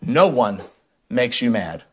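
A man preaching a sermon as a pastor, telling a personal story in a conversational, animated way and repeating words when he gets worked up. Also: medium pitch, slow pace, slightly rough.

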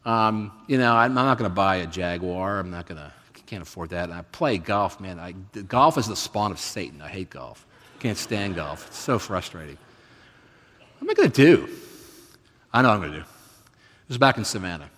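A guest preacher in his fifties gives a sermon as relaxed storytelling, making fun of himself along the way. His pitch rises and falls a lot, and a long reverb from a large hall trails his voice.

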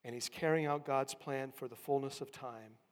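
A man's voice: mid-range voice, normal speed. Reverberant preacher, a man. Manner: swings from hushed to loud emphatic calls. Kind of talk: sermon.

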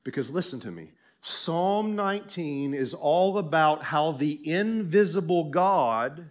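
A man's voice set high for his sex carries this sermon, delivered at an unhurried, measured pace. He preaches with emphatic fervor, pausing often and repeating key phrases for weight. He speaks as a pastor addressing his congregation in a church. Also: expressive. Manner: emphatic, rising into fervent declarations; speaks slowly with many pauses and repeated phrases.

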